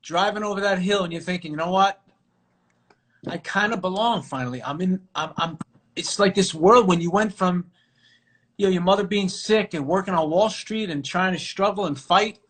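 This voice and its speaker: A middle-aged man from New York, an actor guest telling stories casually on a live video call, animated and full of fillers and restarts. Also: sits high, normal speed, slightly rough. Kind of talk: casual storytelling interview.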